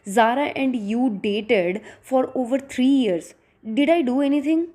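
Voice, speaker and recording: A woman's voice: high voice, unhurried, warm tone, voice pushed up. A woman reading the lines of a defensive young man who insists again and again on his innocence, in an audiobook.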